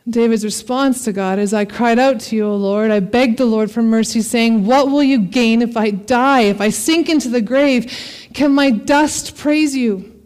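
Female preacher, high voice, expressive scripture reading, parent. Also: normal speed. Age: adult parent. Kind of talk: sermon.

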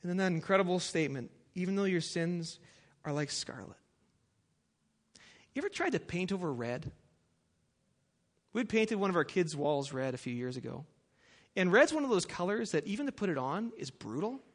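A pastor giving a sermon and reading scripture aloud, emphatic and building to forceful peaks. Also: male voice, high voice, very animated, a little fast.

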